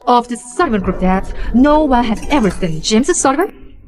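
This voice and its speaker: A woman's voice: a little high, animated, moderate pace, close to an everyday voice. A woman voicing a cruel, spoiled young rich woman who taunts and mocks in a dubbed drama. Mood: taunting. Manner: taunting, mocking.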